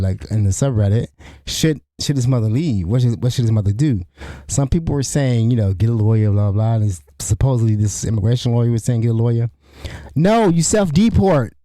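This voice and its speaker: Dark-voiced man in solo commentary. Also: medium pitch, dry recording, studio quality. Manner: rambling, restarts often, asks "you know what I'm saying?". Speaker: podcast host.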